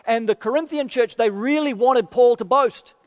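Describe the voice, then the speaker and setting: A man preaching a sermon, animated and lively, acting out quoted voices with dry humorous asides. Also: very high voice, normal speed, long reverb tail. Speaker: pastor.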